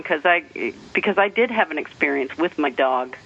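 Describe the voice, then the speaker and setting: A man from New Hampshire in the northeastern US calls in to a talk show, and his voice is fairly high, animated, bright and forceful at a moderate pace. He rambles through a personal story, restarting and laughing lightly, and the telephone mic gives it a tinny phone-line sound.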